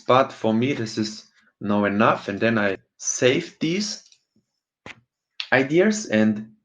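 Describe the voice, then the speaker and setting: Slow, hesitant man presenting. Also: mid-range voice. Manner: hesitant, many ums and uhs, non-native phrasing. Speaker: goalkeeping coach presenting software. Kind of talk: webinar screen-share walkthrough.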